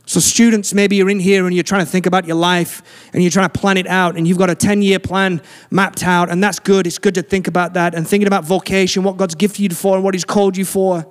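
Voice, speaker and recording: A man preaching a sermon as pastor, earnest and slowing down to stress key lines. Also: high-pitched, flat delivery. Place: church sanctuary. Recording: long church hall reverb.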